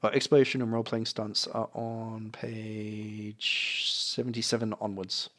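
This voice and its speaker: A man running a tabletop game as game master, narrating in a relaxed, meandering way. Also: on the low side, measured pace.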